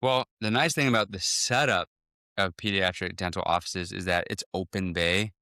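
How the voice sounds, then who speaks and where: Low, bright-voiced man talking shop. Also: smooth, no room sound, clean studio sound. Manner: fast, full of restarts, acts out patient talks. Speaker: dentist guest. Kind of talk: casual podcast interview.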